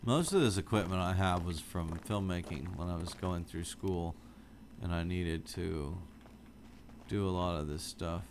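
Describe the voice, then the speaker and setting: A middle-aged man with a deep voice streams a game from his home setup, talking unhurriedly into a studio microphone while wearing wired headphones. Relaxed and sleepy, he rambles in casual chat with viewers and yawns often, with slight background noise audible.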